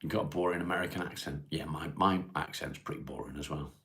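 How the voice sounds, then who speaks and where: A deep, gravelly-voiced man from Cheshire hosts a relaxed livestream from home. He reads viewer questions aloud and answers them plainly, in an easygoing, unhurried way, with a low, rough edge in his voice. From England (Cheshire). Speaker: livestream host. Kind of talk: casual livestream chat answering viewer comments. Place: at home, smoking while streaming.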